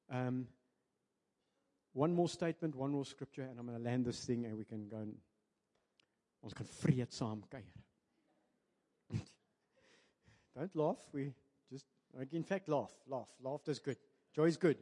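A South African man preaching a sermon to his church, switching between English and Afrikaans and building to loud, emphatic peaks. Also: mid-range voice. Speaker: pastor. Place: church sanctuary. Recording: preacher in a large reverberant church hall.

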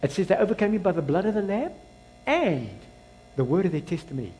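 In this rough recording, a South African pastor preaches quickly in a sing-song manner. He alternates loud outbursts with hushed asides and mixes in bits of Afrikaans.

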